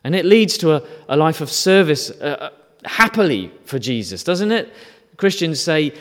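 Preaching conversationally, a man poses rhetorical questions and briefly acts out quotes. His slightly high, fairly bright voice is very animated at a normal speed, and the recording has long reverb.

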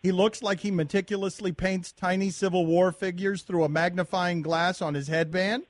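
A man's voice: high voice, steady tone, no echo. A man hosting a sports radio show, bantering playfully and teasing his guest. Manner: playful, quick teasing delivery.

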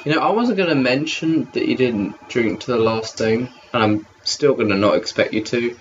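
A man's voice: medium pitch, normal speed, a little hiss or hum. A man co-hosting a casual watch-along commentary, sardonic and swearing freely. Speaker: podcast co-host. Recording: dull lo-fi audio with music.

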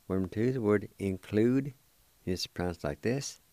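A man hosting a radio language lesson, spelling words out letter by letter and repeating each one slowly and carefully. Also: fairly low pitch, mellow, dry recording.

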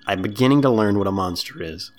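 A man co-hosting a casual podcast, sarcastic and animated, laughing often as he talks. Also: lowish voice, quick pace. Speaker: podcast co-host.

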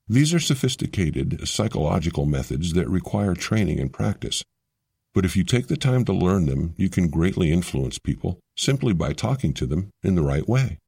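A man reading a scripted explainer narration in a measured, explanatory way. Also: low voice, creaky, a little mellow, breathy edge, dry recording.

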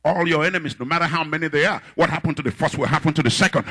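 A man preaching a sermon, swinging between shouted, chanted refrains and low, quiet storytelling. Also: rapid-fire, hardly any pauses, slightly rough.

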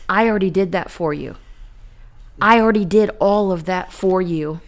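A woman voicing a gentle male savior. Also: fairly low pitch, moderate pace, close to an everyday voice. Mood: tender. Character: gentle male savior calling the dead back.

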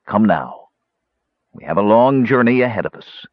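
A slow, gentle old elf cleric, weighed down by sorrow, as a man reads him in a storybook. The voice sits low but moves a lot, and the recording is dull and dry. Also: lively intonation, no room sound, close to an everyday voice. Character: elderly sad male elf cleric, calm.

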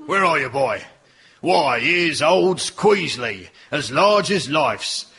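A man's voice: on the high side, animated, takes it slowly, breathy edge, full character voice. A man voicing a brutish Victorian villain in a mock cockney accent, growling and mangling his grammar. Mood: menacing. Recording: loud background noise.

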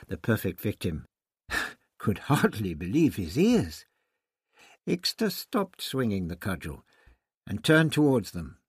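A man narrates a story in a slow, measured manner. His voice is husky and moves expressively across its range. The recording is close and dry. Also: on the low side, big pitch swings, no echo. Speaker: audiobook narrator. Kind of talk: scripted narration.

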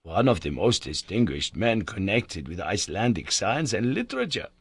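A man voicing a worthy, earnest male Icelandic scholar who speaks slowly and courteously. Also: on the low side, very animated, breathy edge, dry recording, full character voice. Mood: admiring.

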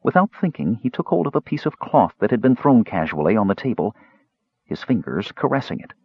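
A man narrating a fantasy audiobook in an expressive storytelling manner, in a dull, dry recording. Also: medium pitch, fairly quick, breathy edge, dry recording.

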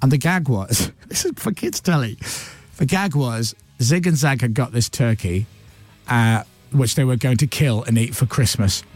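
A man hosting a radio breakfast show, telling stories in a chatty, animated way into a studio microphone. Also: medium pitch, faint music behind. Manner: chatty storyteller, quick and animated. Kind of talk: casual studio chat.

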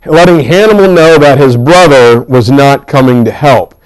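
A man teaching a history class, telling the story with lively asides and acted-out quotes. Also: medium pitch, moderate pace, poor audio. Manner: animated storytelling with pop-culture asides. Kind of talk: classroom lecture.

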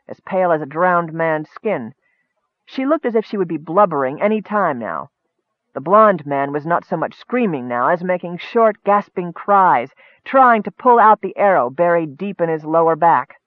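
A man reading a fantasy story aloud in a steady, measured way. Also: on the high side, no room sound. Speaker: audiobook narrator. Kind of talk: scripted fantasy narration. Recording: dry tinny phone-like audio.

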